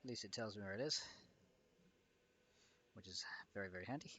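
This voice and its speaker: A man's voice: lowish voice, fairly quick, pushed and bright, a little hiss or hum. A young man streaming, talking himself through fixing a game mod and chatting with viewers. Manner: muttering to himself while troubleshooting, chatty with viewers. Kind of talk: casual livestream commentary while modding.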